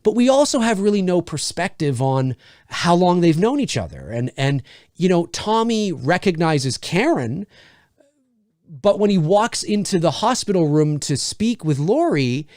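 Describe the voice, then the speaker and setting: A man talks through a film review in a casual, thinking-aloud way, often restarting his sentences mid-thought. His voice sits a little high for a man and moves through a wide, animated pitch range. The sound is close and dry, with no room around it. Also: measured pace, dry recording.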